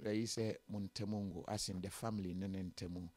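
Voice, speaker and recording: A Ghanaian man hosts an interview, his voice sitting on the low side. He talks casually and hesitantly, often filling pauses, and his recording is dry and close. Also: steady tone, darkish tone, no room sound. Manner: hesitant, many fillers.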